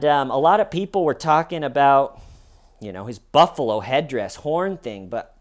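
A man delivering a rambling, sarcastic comedic commentary monologue, often acting out quotes in mocking voices. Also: medium pitch.

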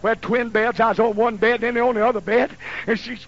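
A man in his fifties preaching a sermon in a folksy storytelling way that builds to shouting, on a dull lo-fi recording. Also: very high voice, fairly even intonation, brisk. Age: 50s. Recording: dull lo-fi recording with faint hiss.

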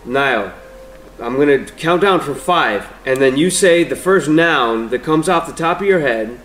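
A man's voice: on the high side, unhurried, echoey room, slight background noise. A young man co-hosting a casual podcast, joking and swearing as he riffs with friends. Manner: jokey, animated, swearing. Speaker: podcast co-host. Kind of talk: casual chat.

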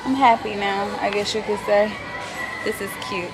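A young woman vlogs casually from her car and later a large home decor store, chatting and swearing as she vents her frustration. Her mid-range voice holds a steady tone at normal speed, with loud music playing behind her. The phone recording is noisy, picking up traffic and store sounds.

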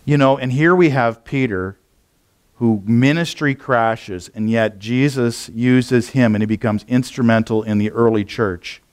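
A male pastor gives a sermon at church, his mid-range voice smooth and a little slow. He talks in a loose, conversational way, rambling and often restarting or using fillers.

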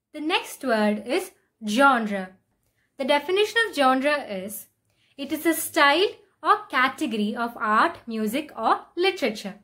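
A woman giving a scripted pronunciation lesson, saying each word slowly and deliberately and then using it in an example sentence. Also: sits high, a bit bright. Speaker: English pronunciation teacher.

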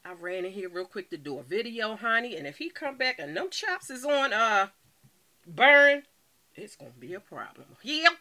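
A woman's voice: on the high side, animated, moderate pace, bright, forceful tone. A woman vlogging casually from home to her viewers, playful and calling everyone honey. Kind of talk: casual video chat to viewers.

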